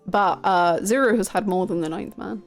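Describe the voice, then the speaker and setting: A woman's voice: medium pitch, moderate pace, creaky, faint music behind. A woman live-streaming, chatting casually with her viewers, gushing and swearing freely. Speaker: game streamer.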